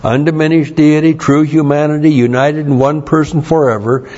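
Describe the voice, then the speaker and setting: A man preaching a Bible teaching sermon, explaining Greek words slowly and spelling them out letter by letter. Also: fairly high pitch, little pitch movement, darkish tone. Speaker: pastor. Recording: dull lo-fi sermon recording.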